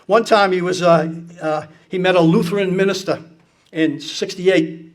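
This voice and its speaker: A man's voice: high voice, moderate pace. A man casually telling blunt, profane anecdotes to an audience, acting out the people he quotes with gusto. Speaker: speaker recounting political anecdotes.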